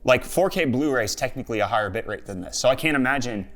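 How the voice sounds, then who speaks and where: A young man presenting a tech unboxing vlog in a well-lit room, enthusiastic and quick to exclaim. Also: mid-range voice, animated, fairly bright tone.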